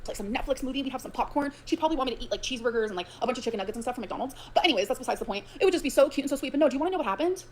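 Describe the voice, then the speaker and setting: Fast-talking ranting woman, profane. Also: sits high, animated, slight background noise. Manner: profane, emotional, swings between grievance and sarcasm. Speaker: streamer ranting on her own stream. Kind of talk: rapid unfiltered rant.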